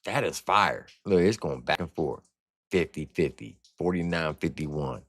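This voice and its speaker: A man's voice: deep voice, expressive, unhurried, fairly bright tone, no room sound, studio quality. A man hosting a casual livestream album review, talking in blunt, profane slang. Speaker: music reviewer and streamer host.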